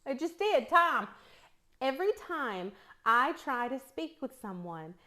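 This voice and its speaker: Middle-aged woman, East Tennessee accent, slightly high voice, relaxed cooking-vlog chatter with frequent laughs. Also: a little slow. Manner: chatty storyteller, laughs often. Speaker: cooking vlogger. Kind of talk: casual chat while cooking.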